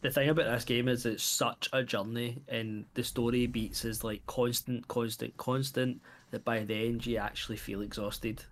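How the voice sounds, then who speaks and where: A man co-hosts a casual game-review podcast and makes his points with emphasis and some swearing. His pitch sits in a plain middle range. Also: steady tone, normal speed, hardly any pauses, fairly bright tone. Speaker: podcast co-host.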